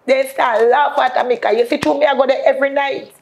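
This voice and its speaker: A woman's voice: high voice, steady tone, fairly quick, vocal fry, darkish tone, slight background noise. A woman with a Jamaican accent sharing an emotional personal testimony in patois and often calling out to the faithful. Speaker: guest.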